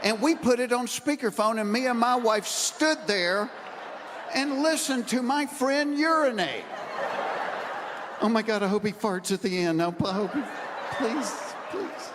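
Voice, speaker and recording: A man doing stand-up, telling a long story and acting out the quoted lines, sometimes building to shouted punchlines. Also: very high voice, unhurried, background noise. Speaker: stand-up comedian. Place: stage in front of a live audience. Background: audience laughter.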